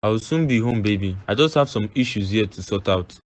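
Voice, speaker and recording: A man's voice: fairly low pitch, animated, a little fast. A man voicing Zed, an easygoing man, in a cartoon, speaking reassuringly.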